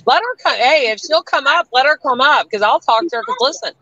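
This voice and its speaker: A woman's voice: high-pitched, lively intonation, a little fast, sharp tone, muffled recording. A woman from the US South with a Canadian-tinged accent, talking bluntly and with plenty of swearing as a guest on a livestream. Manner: blunt, profane, defiant. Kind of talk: livestream chat.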